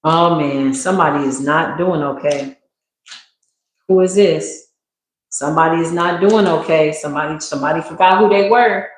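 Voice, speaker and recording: A woman's voice: low voice, normal speed, a little hiss or hum. A woman giving a live spiritual tarot reading in a slangy, emphatic, preacherly way. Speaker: tarot reader. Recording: very echoey room.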